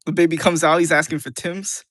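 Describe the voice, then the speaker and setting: A man's voice: fairly high pitch, flat delivery, fairly quick, a bit bright, dry recording. Jokey giggling man, dry close sound. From New York. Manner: jokey, laughs often. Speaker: streamer. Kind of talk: casual chat while gaming.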